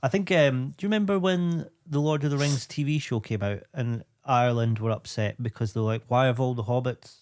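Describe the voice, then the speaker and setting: A man's voice: medium pitch, a little fast, few pauses, smooth. A man, a comedian guest, chatting casually on a podcast, jokey and sweary. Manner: sweary, jokey, animated storytelling.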